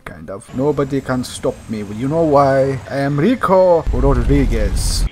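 A man playing a cocky action hero in a put-on, faltering foreign accent, hamming it up over gameplay and muttering low asides. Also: animated, a little slow, a little mellow, slight background noise, lightly acted. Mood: swaggering. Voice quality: boastful, hammy, drops to low mutters for asides. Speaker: gaming YouTuber. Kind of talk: comedic gameplay commentary in character.

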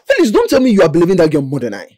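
An insistent young man stammers as he swears to a friend. His voice is husky, dry and moves widely in pitch. He speaks with a Nigerian accent. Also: huge pitch swings, very fast, darkish tone, no echo, full character voice.

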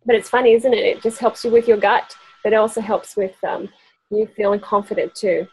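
Here she speaks a little fast with fairly even intonation, her medium-pitched voice a little mellow. She's still the chatty, frequently laughing presenter showing essential oils to a small group, voicing the people she quotes in this casual workshop. The rough recording carries a little hiss or hum.

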